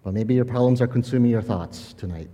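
Male pastor preaching in a sermon, lively storytelling then earnest, mid-pitched voice, long hall reverb. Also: fast. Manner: animated storytelling, laughing often, then quiet and earnest.

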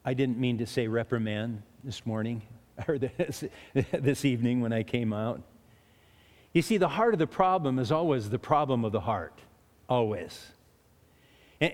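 A man's voice: mid-range voice, lively intonation, unhurried, darkish tone. A man preaching a sermon in a chatty way, often restarting and chuckling between points. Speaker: pastor. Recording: long hall reverb.

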